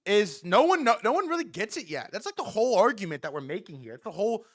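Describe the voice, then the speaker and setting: A young man doing casual livestream commentary, excitable, swearing often, repeating himself and talking straight to his chat. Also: sits high, fast talker. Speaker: streamer reacting to news.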